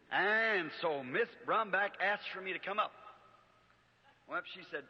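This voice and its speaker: A man, preaching a folksy, animated sermon and acting out the voices of the people in his story. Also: fairly high pitch, moderate pace. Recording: muffled old recording in a large hall.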